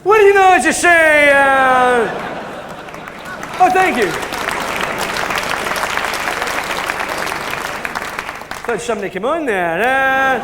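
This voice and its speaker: A man with a Scottish accent impersonating a rambling, forgetful older football pundit who loses names mid-sentence. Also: very high-pitched. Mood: chuffed. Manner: rambling, forgetful, full of "you know" and "eh?". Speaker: comedian doing an impression. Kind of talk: live sketch comedy. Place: live stage before an audience. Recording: live hall with audience and noise.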